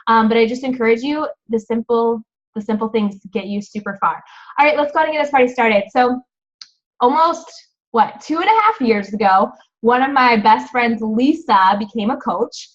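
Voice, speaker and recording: A woman's voice: a little high, normal speed. Chatty woman hosting a team video call. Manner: chatty, encouraging, rambling. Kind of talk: upbeat team call talk. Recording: dull lo-fi video call audio.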